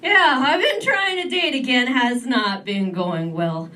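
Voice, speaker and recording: A woman in her thirties performing an animated stand-up comedy set on a club stage. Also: on the high side, a little slow, slight background noise. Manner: animated, switches between voices. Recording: distant mic, club crowd laughing.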